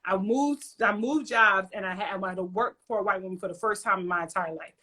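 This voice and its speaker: A woman podcast host in a casual chat, telling stories in an animated way and acting out quoted voices. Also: mid-range voice, brisk, slightly rough.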